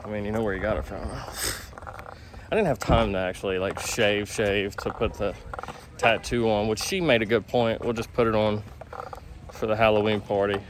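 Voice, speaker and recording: A man's voice: lowish voice, steady tone, moderate pace. A man in a casual family vlog, joking and coaxing his kids, recorded on a handheld camera outdoors and in a store. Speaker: vlogger and father. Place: outdoors trick-or-treating, then a store. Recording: noisy handheld camera audio.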